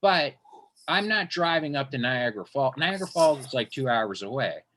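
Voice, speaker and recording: A man's voice: medium pitch, animated, moderate pace, fairly bright tone. A man hosting an interview, telling a long casual story as a stand-up comedian, rambling with many restarts and swearing freely.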